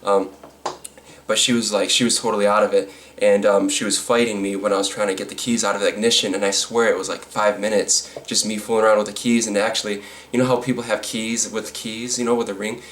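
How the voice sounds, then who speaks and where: A man's voice: lowish voice, little pitch movement, fast talker, fairly bright tone. A man telling a storytime vlog, rambling with lots of fillers and restarts, with a sarcastic edge. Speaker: vlogger.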